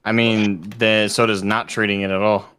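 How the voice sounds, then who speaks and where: A man's voice: lowish voice, moderate pace, smooth. A man co-hosting a livestream, chatting casually, cracking jokes and reading war stories aloud. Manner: joking, animated, slips into mock voices. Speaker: livestream co-host and story reader.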